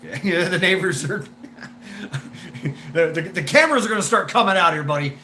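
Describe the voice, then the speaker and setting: A man's voice: high voice, lively intonation, a little fast, bright, forceful tone, a little hiss or hum. A man hosting a live stream, telling a story in a rambling way with swearing, laughs and many restarts.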